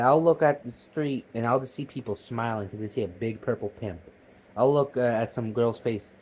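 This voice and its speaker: A man's voice: lowish voice, rough recording. Young man, casual storytelling, rambling and profane, stammers and restarts, faint background noise. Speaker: vlogger. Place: at home.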